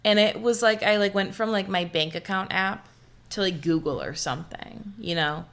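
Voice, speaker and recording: Bright-voiced young woman telling a rambling story. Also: mid-range voice, moderate pace. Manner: profane, rambling storytelling with constant fillers. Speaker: podcast co-host. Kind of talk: casual chat.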